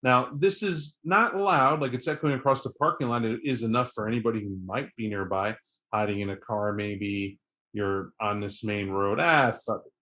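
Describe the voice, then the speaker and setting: A man's voice: on the low side, fairly even intonation, normal speed, bright, forceful tone. A man running a tabletop game, narrating events in a vivid, conversational way with many fillers. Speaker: game master.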